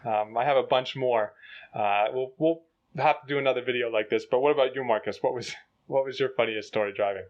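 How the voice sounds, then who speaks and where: Young man, co-host, animated storyteller who acts out the quotes; mid-pitched voice on a dull, lo-fi recording. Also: a little fast. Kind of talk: casual storytelling chat.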